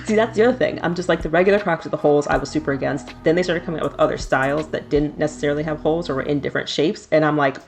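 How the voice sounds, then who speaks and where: A woman's voice: low-pitched, very fast, gravelly, hardly any pauses. A woman in her thirties, a streamer chatting casually and laughing often while doing her nails. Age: 30s.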